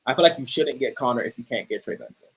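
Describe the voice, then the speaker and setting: A man's voice: mid-range voice, fast talker, slightly rough. A man co-hosting a casual fantasy football podcast, talking hesitantly with many restarts and steering the discussion. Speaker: podcast co-host.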